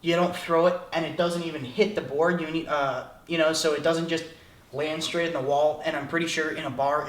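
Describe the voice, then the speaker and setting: A man's voice: on the high side, a bit bright, roomy sound. A young man in his late teens giving a jokey tutorial, rambling and self-mocking, with lots of filler. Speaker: vlogger. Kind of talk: comedic tutorial.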